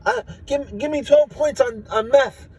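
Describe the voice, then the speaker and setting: A man voicing a pushy alien stock trader, frantically yelling orders on a trading floor. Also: extremely high pitch, measured pace, husky, recorded from a distance, pitched above the performer's own voice, exaggerated voice. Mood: frantic.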